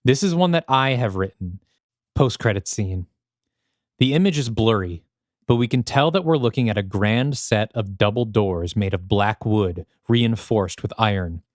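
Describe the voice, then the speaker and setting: Low-voiced man reading a screenplay. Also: expressive, moderate pace, dry recording, studio quality. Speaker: podcast co-host. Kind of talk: reading a screenplay pitch aloud.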